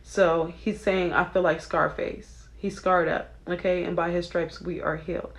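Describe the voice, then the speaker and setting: A young woman giving casual spiritual commentary on song lyrics, chatty and excitable, often checking in with her listeners. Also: fairly low pitch, measured pace. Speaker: Christian video creator.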